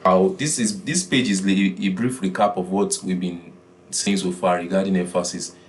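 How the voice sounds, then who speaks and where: A man teaching a beginners' design class, often repeating his key points and pausing with "uh". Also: sits low, fairly even intonation, a little hiss or hum. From Nigeria. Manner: repeats key phrases, filler "uh". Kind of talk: classroom lesson.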